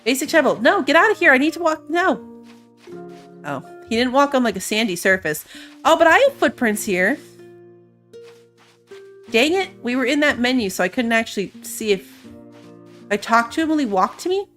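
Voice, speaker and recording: A woman's voice: high-pitched, big pitch swings, normal speed, pauses often, fairly bright tone, faint music behind. Chatty woman narrating her gameplay. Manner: chatty and playful, thinking aloud. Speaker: gamer. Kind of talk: casual game commentary.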